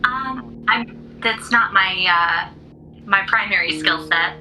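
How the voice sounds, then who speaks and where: A woman's voice: mid-range voice, takes it slowly, noisy background. A woman playing in a tabletop game, talking casually and wryly. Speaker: player. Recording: music behind.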